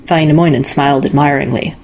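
A woman reading a fairy-tale story aloud in calm, measured narration. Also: sits low, a little hiss or hum. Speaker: story reader. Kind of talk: scripted narration.

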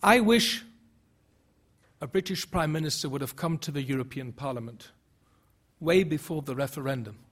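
A man whose first language is German speaks to an audience at a public debate. His voice is high and husky. He presses his points with rhetorical questions and stumbling restarts. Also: moderate pace, pauses often, a bit bright. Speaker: panel speaker.

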